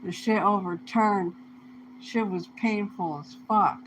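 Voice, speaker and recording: A woman's voice: medium pitch, steady tone, slow pace, a little hiss or hum, poor audio. Rambling, foul-mouthed woman vlogger. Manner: rambling, swears heavily, loose slangy delivery. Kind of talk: casual profane monologue.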